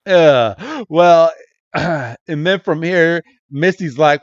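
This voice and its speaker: A man's voice: a little high, very slow, no room sound, lo-fi sound. A man co-hosting a podcast, casually recapping a cartoon episode, laughing often and acting out quoted lines. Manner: laughs often, retells scenes in quoted voices. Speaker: podcast co-host.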